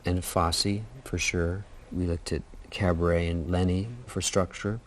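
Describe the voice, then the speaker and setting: A man's voice: low voice, little pitch movement, measured pace, a little hiss or hum. A man, a film director, talking in a documentary interview in a reflective, anecdotal way.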